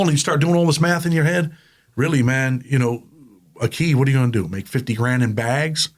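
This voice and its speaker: Fast-talking middle-aged male guest. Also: medium pitch. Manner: animated storyteller, street-plain talk. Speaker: guest, prison consultant. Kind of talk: casual interview conversation.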